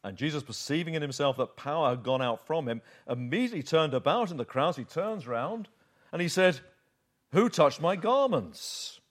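In an expository sermon, a man works through a Bible passage, telling it as a vivid story peppered with rhetorical questions. His voice is a little high, with lively intonation and a brisk pace.

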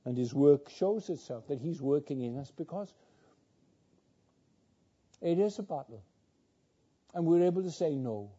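Dark-toned, slow-speaking man preaching a sermon. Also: fairly high pitch, expressive, slightly rough. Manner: earnest, repeats words, rises to fervent climaxes. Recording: dull lo-fi sound.

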